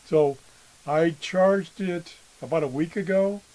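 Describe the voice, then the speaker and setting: A man slowly demonstrating an old radio, halting often and clearing his throat, his voice worn from being sick. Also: fairly high pitch, darkish tone, poor audio. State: losing his voice after illness. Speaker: radio hobbyist video host. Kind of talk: casual show-and-tell demo.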